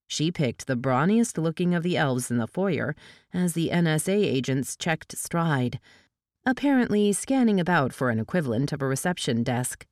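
Low-voiced woman reading a novel aloud. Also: dry recording, clean studio sound. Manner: steady, even storytelling with lively dialogue voices. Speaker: audiobook reader. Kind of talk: scripted audiobook narration.

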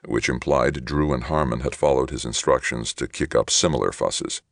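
Very deep-voiced male audiobook narrator. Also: moderate pace, vocal fry, few pauses, no room sound, clean studio sound. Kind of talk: scripted narration of a science fiction novel.

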